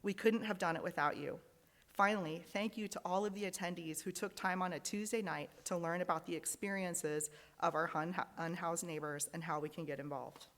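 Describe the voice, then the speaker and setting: A woman's voice: fairly low pitch, fairly even intonation, fairly quick, a bit bright, in a large hall. A woman leading a congregation service, reading out joys and sorrows in an earnest, heartfelt way. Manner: earnest, reading aloud, emotional at times. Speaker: lay worship leader. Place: large fellowship hall.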